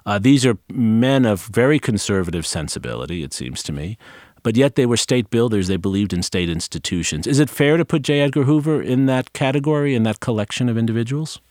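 A man's voice: mid-range voice, lively intonation, fairly quick, a little mellow, no echo. A man hosting a conversational interview, asking long, reflective questions into a close studio mic. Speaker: podcast host.

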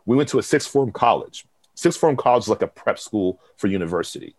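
A man's voice: lowish voice, a little fast, dry recording. A man, a professor from Texas, telling stories in a casual interview and acting out what others said. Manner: animated, quotes others in lively bursts. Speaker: professor and program director. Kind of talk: conversational interview storytelling.

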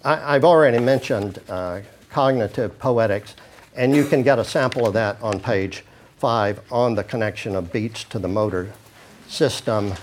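At normal speed and in a lowish voice, a man gives an informal lecture, reading passages from handouts and then commenting casually, with many fillers and restarts. A little hiss or hum is audible.

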